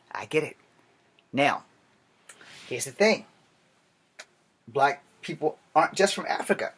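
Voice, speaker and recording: A man's voice: on the high side, fairly bright tone. A man giving a blunt, casual monologue to his viewers, swearing now and then. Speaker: vlogger.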